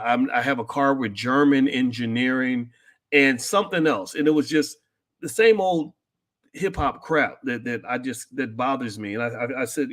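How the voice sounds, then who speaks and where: Blunt, direct man talking to viewers. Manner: blunt and direct, with frequent restarts; rises to loud, high-pitched outbursts when worked up. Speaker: commentary show host. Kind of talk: opinionated commentary to an online audience.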